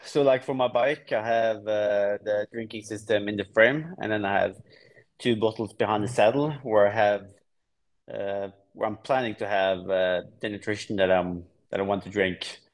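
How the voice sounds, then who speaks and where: Relaxed man from Norway, low voice. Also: moderate pace. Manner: relaxed, explains plainly with frequent restarts. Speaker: guest triathlete. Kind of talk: casual podcast interview.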